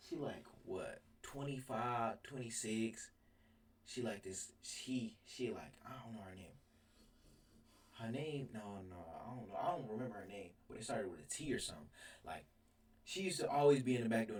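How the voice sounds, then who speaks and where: Young man rambling a roomy storytime. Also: medium pitch. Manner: rambling, animated, laughs mid-sentence. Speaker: storyteller vlogger. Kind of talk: casual storytime. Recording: roomy sound from a distance.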